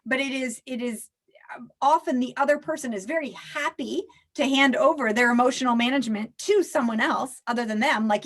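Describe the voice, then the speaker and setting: A woman's voice: sits high, brisk. A woman, a life coach, talking animatedly as a guest in a podcast interview. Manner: animated, acts out little quoted scenes.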